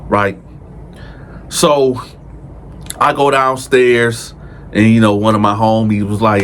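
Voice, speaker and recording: A man telling a true prison story in casual storytime style, speaking slangy and addressing viewers directly, jumping his pitch up to act out the people he quotes. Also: slow, long pauses, slight background noise. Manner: animated, acts out quoted dialogue with raised pitch.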